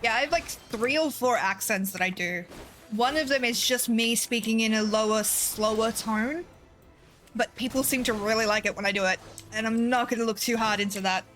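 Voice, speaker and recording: A woman's voice: on the high side, a little fast, fairly bright tone, soft background music. A woman streaming a game, chatting casually, swearing freely and laughing often. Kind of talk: casual gameplay chat.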